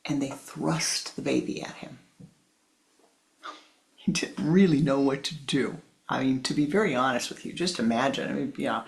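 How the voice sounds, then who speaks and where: A man's voice: mid-range voice, normal speed, gravelly. A man, a spiritual teacher, telling a teaching story in a conversational way with many asides.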